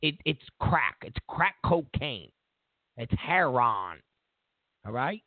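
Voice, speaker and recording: A cheating male politician wheedling and defending himself, as a male host puts him on. His pitch swings widely and he drags the words out. The voice sounds dry and phone-thin. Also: sing-song, slow pace, no echo. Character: cheating male politician pleading sex addiction. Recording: tinny phone-like line, dry.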